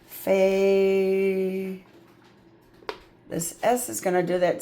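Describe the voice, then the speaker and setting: A woman's voice: medium pitch, expressive, slow, a little hiss or hum. A woman tutoring phonics, patiently sounding out letters and words, with chatty asides of "yep" and "mm-hmm". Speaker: reading tutor. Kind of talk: phonics lesson.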